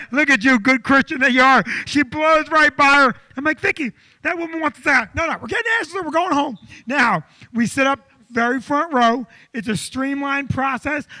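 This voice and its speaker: A man co-hosting a live comedy show, telling a long church story with loud acted-out quotes. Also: very high-pitched, no room sound. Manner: animated, loud, acts out quotes. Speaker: comedian co-host. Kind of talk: comic storytelling.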